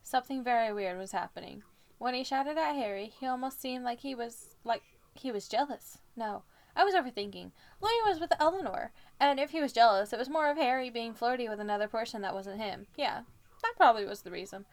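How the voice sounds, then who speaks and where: A woman co-hosting a podcast, reading fan fiction aloud with commentary and jumping up in pitch for the quoted lines. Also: expressive, brisk. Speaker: podcast co-host.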